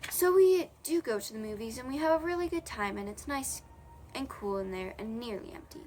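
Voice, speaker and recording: A woman's voice: a little high, expressive, a little fast, a little mellow, a little hiss or hum. A young woman reading a children's novel aloud in a casual way, correcting her own slips as she goes. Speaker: audiobook reader.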